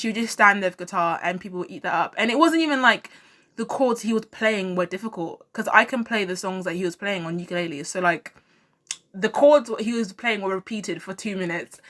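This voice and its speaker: Woman, vlogger, casual opinionated commentary, chatty, animated, repeats herself. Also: medium pitch.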